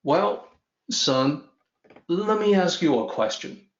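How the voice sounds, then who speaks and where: Storybook father lion, put on by a male teacher: unhurried, reasoning, with roomy, lo-fi sound. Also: a little high, big pitch swings, voice pushed up, full character voice. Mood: patient. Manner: patient, reasoning. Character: calm, wise father lion, unperturbed. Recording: roomy, dull lo-fi audio.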